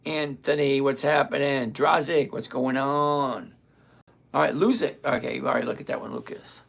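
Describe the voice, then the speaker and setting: A man in his sixties whose voice is going hoarse, hosting a live stream, explaining trades step by step and chatting with viewers in an upbeat way. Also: medium pitch, steady tone, moderate pace, fairly bright tone. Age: 60s. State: hoarse, voice giving out. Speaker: livestream host.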